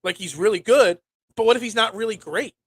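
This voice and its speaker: A young man hosting a casual solo sports talk show, rambling and animated with lots of restarts. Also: sits high, fairly quick, husky, dry recording.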